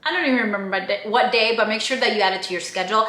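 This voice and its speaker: A young woman vlogging casually about her trip, chatty and animated, swearing offhand and acting out the people she met. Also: mid-range voice, rapid-fire. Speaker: travel vlogger. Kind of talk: casual travel vlog. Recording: echoey room.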